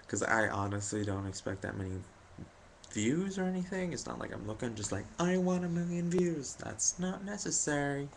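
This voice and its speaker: A man's voice: on the low side, sing-song, moderate pace, vocal fry, a little hiss or hum. A young man telling a story about his day to camera, rambling and jokey, with lots of fillers and self-deprecating asides. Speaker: vlogger.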